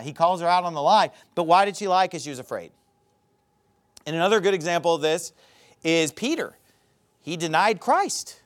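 Preacher, male, high voice with big swings, animated sermon delivery. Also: moderate pace, long pauses. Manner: animated preaching, mocking acted quotes. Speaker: pastor.

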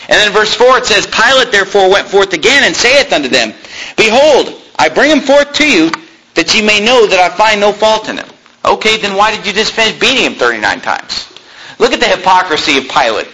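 A man delivers an impassioned sermon in a high, lively voice that swoops up and down as he acts out the scripture. His tone is bright and sharp. A faint hiss sits under the recording. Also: fairly quick, low-quality recording. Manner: animated, impassioned, reads scripture aloud and acts out speakers. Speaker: preacher.

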